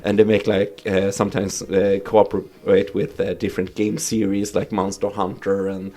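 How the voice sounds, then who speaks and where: A man's voice: lowish voice, flat delivery, moderate pace, warm tone. A man with a Swedish accent hosting a casual gaming podcast, retelling funny moments eagerly and laughing often. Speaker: podcast host. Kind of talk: casual chat.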